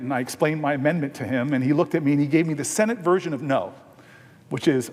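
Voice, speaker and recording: A man with a high, bright pitch speaks from a podium microphone in a large legislative chamber. His voice trails into a long reverb. He tells stories earnestly, then swells into stretched, emphatic words. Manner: earnest storytelling that swells into emphatic, drawn-out stresses. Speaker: senator. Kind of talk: impassioned floor speech with storytelling.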